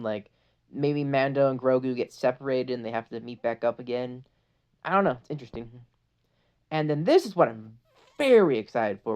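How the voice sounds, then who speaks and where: A vlogger breaking down a movie trailer in casual, excited fan talk, with lots of "like" fillers. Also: medium pitch. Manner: excited, chatty, with frequent "like" fillers. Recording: dull lo-fi audio.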